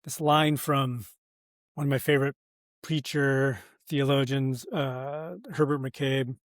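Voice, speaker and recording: A man's voice: medium pitch, fairly even intonation, slow, no room sound, clean studio sound. An American man, a pastor and author, talking earnestly in a podcast interview, thinking aloud with many fillers and restarts. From United States.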